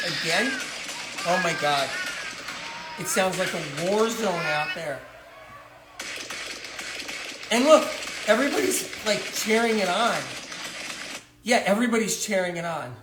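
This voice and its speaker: A man's voice: high voice, very noisy, natural voice. A man voicing a frantic new mother of newborn twins in a comedic phone sketch, tearful and indignant as she complains and pleads. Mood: weary. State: tearful, near crying. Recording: roomy echo.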